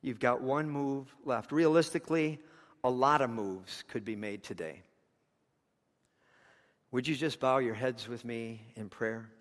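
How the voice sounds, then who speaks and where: Impassioned preacher in a reverberant hall. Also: male voice, mid-range voice, a little slow, pauses often. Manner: impassioned storytelling with rising and falling intensity. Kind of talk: sermon.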